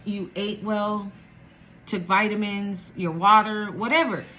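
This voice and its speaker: A woman giving a channeled spiritual reading to viewers, emotional and animated, swearing casually. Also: mid-range voice, a little slow, slight background noise, poor audio. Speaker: spiritual reader.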